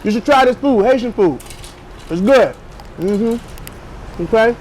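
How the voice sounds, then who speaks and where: A man's voice: very high-pitched, lively intonation, takes it slowly, darkish tone. Blunt man reviewing food on a noisy street. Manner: blunt, opinionated, slangy. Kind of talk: casual food review vlog. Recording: noisy outdoor street sound.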